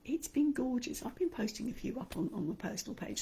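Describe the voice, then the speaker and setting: A woman's voice: on the high side, expressive, a little fast, mellow, husky. An Australian woman teaching an online speaking lesson, talking expressively and acting out the inner voices she describes. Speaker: speaking coach.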